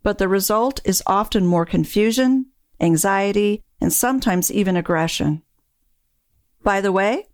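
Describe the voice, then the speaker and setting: A woman who coaches dementia caregivers, giving a calm, measured scripted narration. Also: medium pitch, no echo, studio quality, faint music behind.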